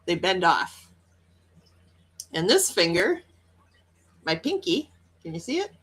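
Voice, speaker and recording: She's hosting a laid-back morning stream from Wisconsin, responding to chat with lots of laughter and an upbeat, talkative manner. Her lowish voice is a bit bright and slightly rough, very animated but slow-paced.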